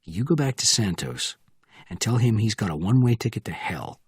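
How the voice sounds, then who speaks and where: A man reading a hard-edged male agent in a low, clipped voice, slightly husky. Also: big pitch swings, brisk, dry recording, studio quality, heavily acted. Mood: cold.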